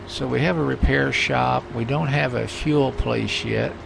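A man's voice: mid-range voice, steady tone, measured pace, vocal fry, noisy background. A man giving casual, rambling commentary while playing a farming game, thinking aloud with many fillers. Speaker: gameplay commentator. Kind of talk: casual let's-play commentary.

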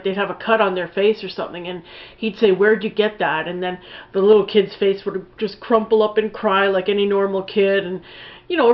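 A woman talks through a film review in a loose, rambling way, full of fillers and blunt swearing. Her voice sits at an ordinary middle pitch. The recording sounds a little dull and lo-fi. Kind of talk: casual spoken film review.

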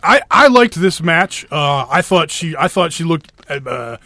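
A man's voice: a little high, very animated, a little slow, bright, forceful tone, dry recording. A man co-hosting a casual wrestling podcast, laughing often and stumbling over names. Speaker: podcast co-host.

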